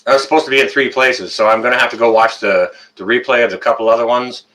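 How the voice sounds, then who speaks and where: A man's voice: medium pitch, fairly even intonation, fast talker, a bit bright, poor audio. A man hosting a live stream, chatting casually, rambling with many fillers and greeting viewers by name.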